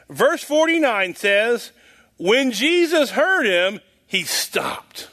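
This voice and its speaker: A man's voice: extremely high pitch, sing-song, slow, bright, forceful tone. A man giving an informal sermon in a folksy, rambling way, chuckling at his own jokes. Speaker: preacher.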